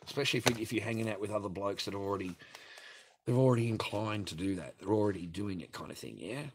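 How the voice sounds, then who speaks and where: A fairly low, quick male voice with a breathy edge. An Australian livestream host rambles through a blunt, profane story for his viewers.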